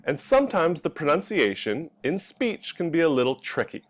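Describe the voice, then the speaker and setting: A young man from California teaching English pronunciation, talking slowly and clearly and drawing out the example sounds. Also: a little high, big pitch swings. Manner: drawn-out, exaggerated sounds when modeling examples.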